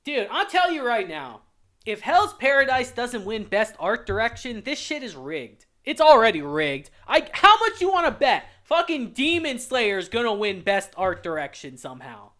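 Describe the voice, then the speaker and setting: At normal speed, a young channel host who reviews anime rants heatedly and profanely in reaction to a list, clearly exasperated. His voice is extremely high, bright, and forceful, with wildly swooping pitch.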